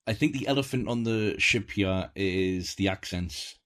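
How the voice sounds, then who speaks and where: A man co-hosting a casual film review podcast, talking in an animated way and laughing easily. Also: lowish voice, unhurried. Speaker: podcast co-host.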